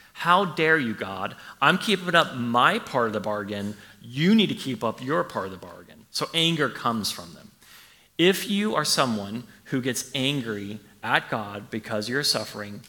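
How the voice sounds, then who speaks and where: Guy preaching in a church, bright edgy voice, long hall echo, chatty but emphatic. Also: medium pitch. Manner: conversational, emphatic preaching with repeated questions. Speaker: pastor. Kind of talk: sermon.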